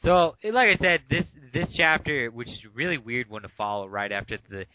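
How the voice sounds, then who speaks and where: A man co-hosting a podcast adds dry, sarcastic remarks. His pitch swings up and down a lot. The recording is dull and lo-fi. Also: sing-song, brisk, slight background noise. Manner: wry sarcastic asides. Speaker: podcast co-host. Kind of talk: casual chat.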